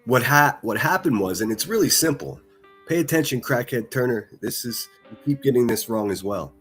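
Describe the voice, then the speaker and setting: A man's voice: medium pitch, lively intonation, normal speed, fairly bright tone, slightly rough, soft background music. A man from the northern United States ranting on a livestream, profane, mocking and combative.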